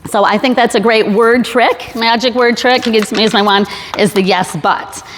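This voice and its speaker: A woman speaks to a live audience in a big hall, and the long reverb trails behind each phrase. Her voice sits a little high, and her delivery is loose and chatty. She is full of ums, restarts and joking asides. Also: steady tone, moderate pace, slight background noise. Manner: chatty, many fillers and restarts, jokey asides. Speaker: sales trainer giving a talk. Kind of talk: casual live talk to an audience.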